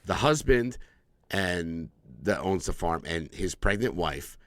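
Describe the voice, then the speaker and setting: Low-voiced man recapping a movie, very dry sound. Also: takes it slowly, dry recording. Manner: profane, animated movie recapping with acted-out quotes. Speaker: podcast co-host. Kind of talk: casual chat.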